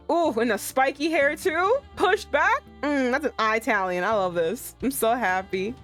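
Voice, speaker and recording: Young woman streamer, loud, profane, excitable, higher pitch, light music under her. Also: unhurried, few pauses. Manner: excitable, profane, loudly reactive. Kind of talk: live-streamed gameplay reaction. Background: faint music.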